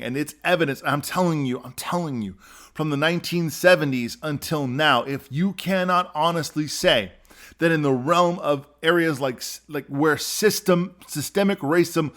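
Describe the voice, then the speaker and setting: A man hosting a solo podcast, talking earnestly and emphatically, often repeating himself and dropping from forceful to quiet. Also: on the high side. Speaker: podcast host. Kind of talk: solo opinion monologue.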